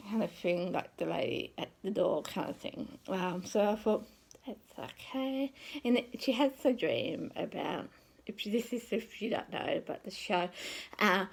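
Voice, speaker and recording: Low, gravelly-voiced woman rambling casually. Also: unhurried, poor audio. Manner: rambling and conversational, often trailing off with "kind of thing". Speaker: psychic. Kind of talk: personal storytelling monologue.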